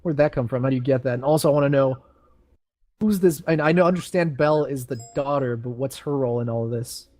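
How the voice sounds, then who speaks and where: A man's voice: mid-range voice, quick pace, darkish tone, no echo. A young man reading game lore aloud on voice chat, breaking off for chatty, self-mocking asides. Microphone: headset on voice chat.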